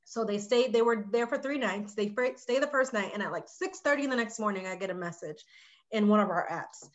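A woman who runs a short-term rental, telling a story in a casual podcast chat and getting animated when she quotes people. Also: medium pitch, a little fast, highs cut off.

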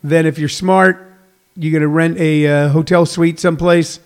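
A man's voice: a little high, fairly even intonation, normal speed, clean tone. A middle-aged man hosting a comedy podcast in a rambling, self-correcting way, full of fillers. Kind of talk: casual solo radio-style show.

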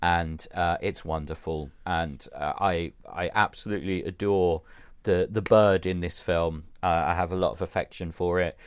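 A man's voice: sits low, steady tone, moderate pace, clear, resonant tone, dry recording, clean studio sound. A man co-hosting a podcast, chatting enthusiastically in slightly formal phrasing. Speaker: podcast co-host. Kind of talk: casual podcast chat.

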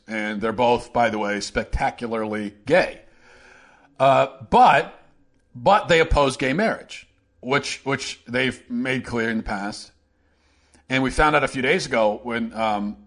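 A man hosts a political opinion show and talks alone to his listeners in a mid-range voice. His delivery is sarcastic and animated, and he shifts between mock pity and pointed emphasis. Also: medium pitch. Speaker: podcast host.

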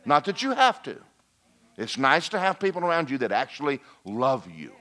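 Animated preacher, lively pitch. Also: male voice, moderate pace. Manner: folksy, animated preaching with mock voices and asides. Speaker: pastor. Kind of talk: lively sermon.

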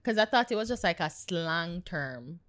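A woman's voice: fairly low pitch, animated, moderate pace, fairly bright tone, no echo, studio quality. A Jamaican woman co-hosting a podcast in casual, chatty conversation. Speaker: podcast co-host. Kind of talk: casual chat.

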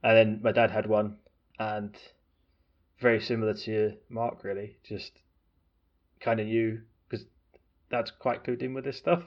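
Man, low voice, husky, casual chat, hesitant, lo-fi sound. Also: flat delivery, unhurried, pauses often. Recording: dull lo-fi sound.

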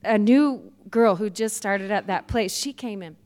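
A woman preaching a sermon, telling personal stories in a lively way and laughing often. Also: mid-range voice, a little slow. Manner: lively storytelling, laughs often, acts out quoted voices. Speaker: guest preacher.

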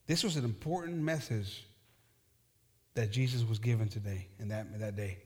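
A man preaching a bilingual sermon who switches between English and Spanish, calls out to the congregation and reads scripture slowly with emphatic repetition. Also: lowish voice. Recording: long hall reverb.

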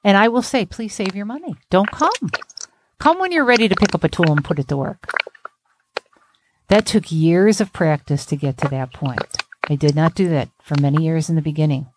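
Lower-voiced woman therapist, blunt and salty, talky podcast, hissy noisy mic. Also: a little fast. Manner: blunt, emphatic, salty storyteller. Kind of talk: candid podcast conversation.

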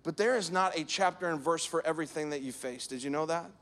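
A man's voice: on the high side, fast talker, a bit bright. A man preaching a sermon, talking conversationally and acting out little stories with gestures of voice. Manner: conversational preaching with acted-out anecdotes. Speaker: pastor.

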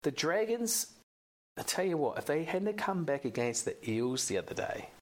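A man's voice: on the high side, very animated, moderate pace, darkish tone. An Australian man co-hosting a sports podcast, chatting casually and opinionated, rambling and swearing now and then. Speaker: podcast co-host.

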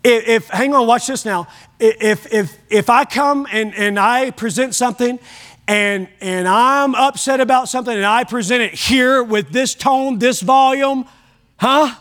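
A male pastor preaches in a notably high, fairly bright voice at a slightly slow pace. He is folksy and emphatic, speaking plainly to the congregation and acting out prayers.

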